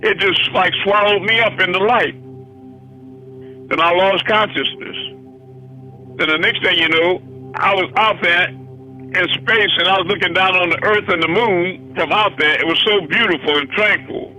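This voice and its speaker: Spiritual teacher, male, high piercing voice, folksy repetitive delivery, soft music underneath. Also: unhurried, poor audio. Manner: plainspoken, colloquial, repeats himself. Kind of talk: recounting a vision in a call-in meeting.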